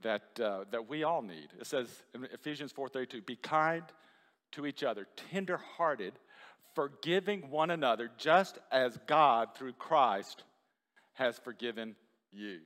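Unhurried and expressive, a man with a mid-range, slightly bright voice preaches to a congregation in a large church hall. The pastor's sermon is conversational and filled with questions for the room.

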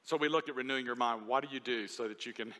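A male pastor preaching a sermon from a church podium, telling stories animatedly and swinging between loud and hushed delivery. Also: medium pitch, fast. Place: church sanctuary. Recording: long reverb of a large hall.

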